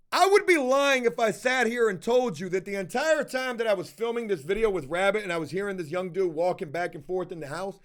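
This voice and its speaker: High-voiced, cussing male vlogger. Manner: profane, exasperated, blunt. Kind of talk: casual storytelling rant to camera.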